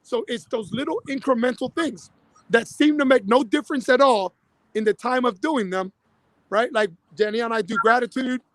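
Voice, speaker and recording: A man, a spiritual fitness coach, telling a personal story in a panel discussion, animated and full of restarts. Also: very high-pitched, moderate pace, dry recording, low-quality recording.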